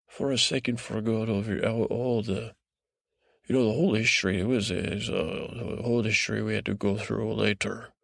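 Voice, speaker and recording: A man hosting a show, telling a meandering improvised bedtime story in a slow, drowsy way with a put-on, vaguely Scottish lilt, often stalling and repeating himself. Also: lowish voice, creaky, no echo, clean studio sound. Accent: put-on vague Scottish-ish lilt. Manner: meandering, halting, full of restarts and repeated words; slow, drowsy, lulling delivery. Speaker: podcast host. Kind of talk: rambling improvised bedtime story told in first person.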